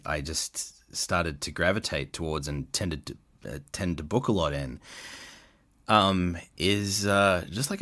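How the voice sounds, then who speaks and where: A man's voice: deep voice, a bit bright. A middle-aged Australian man talking in a casual podcast interview, chatty and rambling, with many fillers and restarts. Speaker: voice actor guest.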